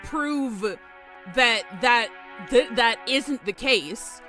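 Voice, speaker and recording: High lively woman on stream arguing a theory, music clearly in the back. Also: extremely slow. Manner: animated, emphatic, swears. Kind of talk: casual stream chat.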